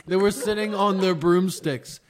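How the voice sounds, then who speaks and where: Man with a high voice, deadpan comedic read-through. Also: moderate pace. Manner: deadpan reading with asides and laughs. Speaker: co-host reading aloud. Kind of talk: comedic dramatic reading.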